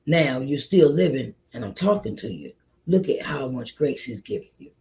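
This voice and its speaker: A man's voice: medium pitch, lively intonation, moderate pace, darkish tone. A middle-aged man, an author, giving a motivational talk in an earnest, preachy way, repeating himself and calling the listener child or honey. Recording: dull lo-fi recording.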